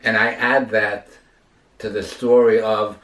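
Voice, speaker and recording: A rabbi lecturing, telling a story with dramatic emphasis. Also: male voice, lowish voice, level tone, slow pace, a bit bright. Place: lecture hall. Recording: roomy lecture hall, distant mic.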